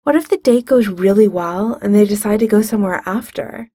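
A woman's voice: medium pitch, fairly quick, mellow, slightly rough, dry recording, studio quality. A woman reading fiction aloud in a wry, conversational narrating voice. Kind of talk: fan fiction audiobook reading.

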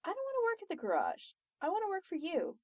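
A woman reading aloud, voicing a brash, loud young woman who talks with blunt sarcasm. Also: fairly high pitch, sing-song, unhurried, no room sound, heavily acted. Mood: sarcastic.

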